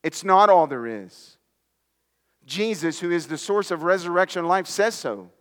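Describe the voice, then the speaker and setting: A man's voice: high voice, animated, measured pace, a bit bright, in a large hall. A man preaching a sermon as pastor, emphatic, sometimes dropping to near-whispers for stress, and calling his listeners friends. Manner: addresses listeners directly as friends.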